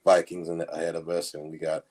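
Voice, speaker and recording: Low-voiced sarcastic man. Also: monotone, quick pace, darkish tone. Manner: sarcastic, mock-gloomy, repeats "man". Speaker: podcast co-host. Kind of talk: casual sports chat.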